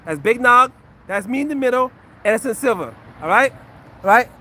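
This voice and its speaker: Brief: former fighter, 40s man, streaming to chat, high-pitched, defensive and sarcastic, repeats himself a lot. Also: lively intonation, fairly quick, sharp tone, slight background noise. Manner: defensive, sarcastic and repetitive, addressing chat and a heckler. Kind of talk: casual livestream chat to viewers.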